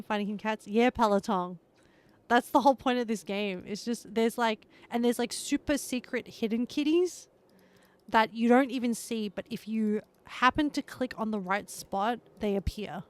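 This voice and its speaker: A woman's voice: fairly high pitch, normal speed. A woman streaming live, chatting casually with her viewers and laughing often as she plays.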